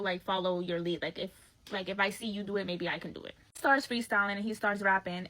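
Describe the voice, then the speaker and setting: A woman telling a bad first date story in a blunt, profane, animated way. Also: mid-range voice, rough recording.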